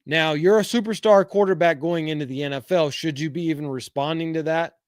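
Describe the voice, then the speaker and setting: A man's voice: on the high side, fairly even intonation, a little fast, smooth, no room sound, studio quality. Frank middle-aged man hosting a podcast. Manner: reads viewer comments aloud, frank, rambling with fillers. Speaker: podcast host. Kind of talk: casual live-chat podcast.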